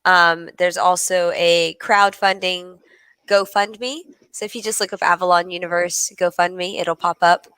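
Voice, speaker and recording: A woman's voice: lowish voice, fairly even intonation, unhurried, pushed and bright, smooth, no echo, low-quality recording. A woman in a casual chat about fan films, upbeat and chatty. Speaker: fan film actress.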